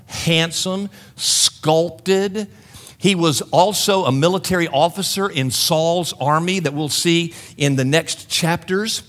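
A male preacher with a high, bright voice that swings widely in pitch as he tells the story. He talks in an animated way and turns often to the congregation with playful asides. His delivery has the lively give-and-take of a sermon.

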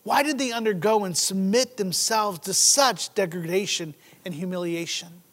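Higher-pitched male preacher with dynamic delivery. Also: animated, moderate pace. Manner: dynamic, swinging from loud emphasis to hushed low delivery. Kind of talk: sermon.

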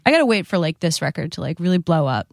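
An American woman chatting playfully on a podcast, making quick jokes and laughing often. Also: on the low side, big pitch swings, gravelly, no echo, studio quality. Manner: giggly, playful, quick quips. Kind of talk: casual podcast chat.

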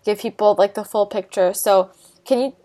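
A woman's voice: mid-range voice, moderate pace, mellow. Upbeat woman host asking questions. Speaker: podcast host. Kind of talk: casual interview.

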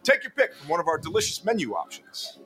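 An actor playing a smug, deadpan TV spokesman in a spoof ad, speaking with a smooth, confident pitch. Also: fast. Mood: deadpan salesy. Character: smug male ham-selling TV pitchman, deadpan. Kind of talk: comedy sketch ad read. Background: music under the ad.

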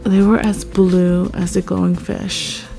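A woman reading a first-person story aloud, expressive and rising at tense moments. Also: fairly low pitch, takes it slowly, gravelly. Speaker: story narrator. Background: faint background music.

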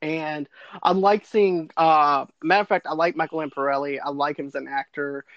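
A man co-hosting a casual TV recap podcast, chatty and quick to laugh. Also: on the high side, fairly even intonation, no room sound. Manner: chatty, laughs often, repeats words. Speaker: podcast co-host. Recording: dull lo-fi sound.

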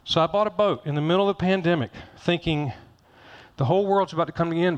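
A man's voice: on the high side, quick pace, clear, resonant tone. Folksy middle-aged man preaching. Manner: folksy and joking, repeats phrases for emphasis. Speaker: pastor. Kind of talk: conversational sermon.

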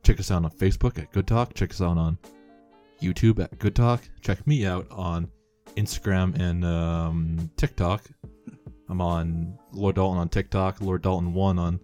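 A young man hosting a casual podcast, telling a story and acting out the quotes loudly. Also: deep voice, moderate pace, soft background music. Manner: animated, acts out quotes loudly, swears. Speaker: podcast host.

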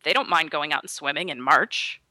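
A woman's voice: low-pitched, moderate pace, dry recording. A woman co-hosting a podcast, telling a story in casual chat and acting out the voices of the people in it. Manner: animated, acts out quoted voices.

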